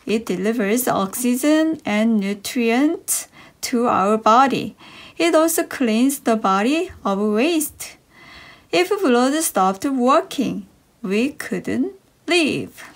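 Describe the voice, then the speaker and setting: A woman reading short English science stories for children in a slow, bouncy storybook manner. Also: on the high side, lively intonation. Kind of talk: slow expressive read-aloud for kids.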